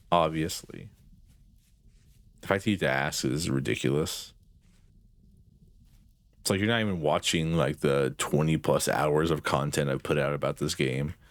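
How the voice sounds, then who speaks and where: A man's voice: very deep voice, fairly bright tone, no echo. A young man streaming a game, chatting with his viewers in a rambling, sarcastic way and swearing casually. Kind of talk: casual gameplay chat with chat.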